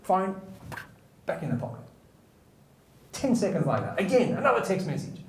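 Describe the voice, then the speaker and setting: Male host telling jokes, slightly high voice, animated delivery, roomy echo. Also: moderate pace. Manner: rambling, animated storyteller who acts out the characters. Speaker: comedy show host. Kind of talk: joke telling.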